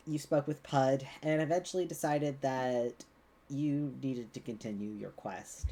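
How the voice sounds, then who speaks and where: A man's voice: medium pitch, normal speed, mellow. A man narrating as game master of a tabletop game on a live stream, rambling with frequent ums and restarts and laughing easily.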